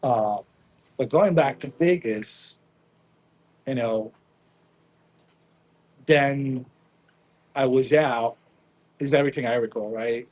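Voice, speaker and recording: A man's voice: mid-range voice, takes it slowly, pauses often, rough recording. Young guy from around naples telling a story, keeps saying right?, acts out what people said. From Naples area, Italy. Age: young adult. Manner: animated, acts out quotes, frequent "right?" tags. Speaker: pizza chef guest. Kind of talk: casual interview storytelling.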